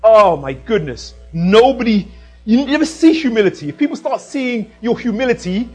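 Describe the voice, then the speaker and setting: A man preaching a sermon in an animated way, swinging from loud emphasis down to a quiet hush. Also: high-pitched, moderate pace, breathy edge, faint music behind, low-quality recording.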